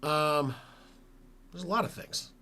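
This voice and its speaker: A man's voice: on the high side, takes it slowly, bright, forceful tone. A man hosting a live football reaction stream from home, talking casually in a rambling, self-correcting way. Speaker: sports stream host.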